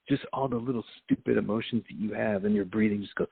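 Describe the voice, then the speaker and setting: A man's voice: on the low side, a little slow, vocal fry, slightly rough, no echo. A man hosting a podcast in a rambling, profane monologue that comes off as preachy, laughing often as he talks. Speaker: podcast host. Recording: phone-like lo-fi sound, dry.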